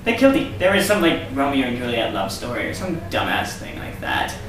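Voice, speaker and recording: A man's voice: medium pitch, huge pitch swings, fairly quick, fairly bright tone, recorded from a distance, faint music behind. A man hosting his own vlog, talking in a sarcastic, rambling rant. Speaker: vlog host. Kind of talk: casual vlog monologue. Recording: echoey room, off-mic, faint hiss.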